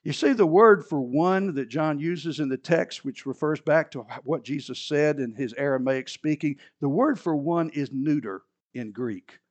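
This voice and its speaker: A man preaching a sermon in a church, moving between loud emphatic repetition and low conversational asides. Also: a little slow. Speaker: pastor.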